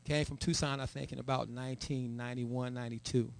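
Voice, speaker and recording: In a church sanctuary, a middle-aged church elder gives his testimony, captured on a live stream. His medium-pitched voice is smooth yet creaky, a little fast, with little pitch movement. He repeats words and builds to a raised, emphatic delivery.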